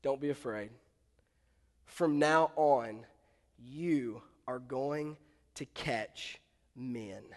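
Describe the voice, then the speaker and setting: A soft-spoken, gentle Jesus figure, as a preacher puts him on, voiced low and unhurried. He sounds quiet and reassuring. A long reverb trails each word, as in a large church. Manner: hushed, low and slow. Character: Jesus, calm gentle male teacher.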